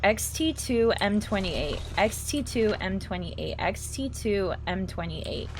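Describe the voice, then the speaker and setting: Woman streamer, chatty and playful, reads the game out loud and talks to chat, slight hiss under it. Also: medium pitch, animated, takes it slowly. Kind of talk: casual gameplay commentary.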